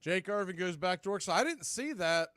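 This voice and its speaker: A man doing radio play-by-play of a baseball game from a studio, calling pitches in a steady, conversational way with background asides. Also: brisk, heavy background noise. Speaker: play-by-play announcer.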